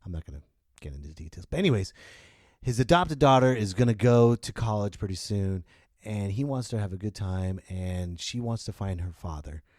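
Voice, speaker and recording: A man's voice: lowish voice, lively intonation, a little fast, darkish tone, no room sound, clean studio sound. A man hosting a comedy podcast, ranting about a movie in an exaggerated, profane way. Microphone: podcast mic.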